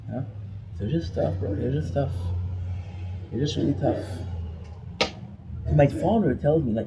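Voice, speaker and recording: A man's voice: mid-range voice, moderate pace, creaky, long pauses, noisy background. A man vlogging an emotional personal rant, rambling and frustrated, often restarting his sentences.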